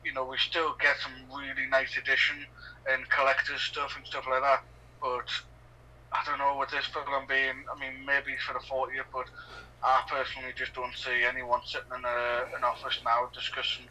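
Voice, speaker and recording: A man with a Northeast English accent chats loosely through a film commentary, full of fillers and strong opinions. His tone is very bright and keen, with an even, flat pitch, and he sits some way back from the mic. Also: moderate pace, distant mic, slight background noise, low-quality recording. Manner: rambling, filler-heavy, opinionated. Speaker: podcast co-host. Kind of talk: casual film commentary chat.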